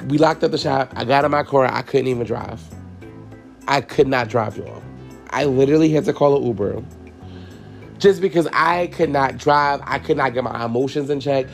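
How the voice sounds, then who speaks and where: Gravelly young man telling a raw story. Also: on the high side, a little mellow. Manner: emotional, frank, swears freely, addresses listeners as y'all. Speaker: podcast host and hairstylist. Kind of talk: candid personal storytelling.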